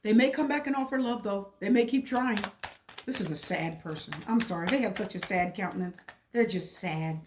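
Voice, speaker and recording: A woman's voice: mid-range voice, animated, normal speed, darkish tone, a little hiss or hum. A woman giving a casual, repetitive and emotional tarot reading. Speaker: tarot reader.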